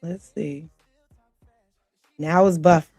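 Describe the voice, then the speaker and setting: A woman's voice: sits low, steady tone, slow pace, a little mellow, dry recording, dull audio, soft background music. Chatty, flustered woman livestream host. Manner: chatty, flustered, laughs often. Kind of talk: casual chat to a live audience.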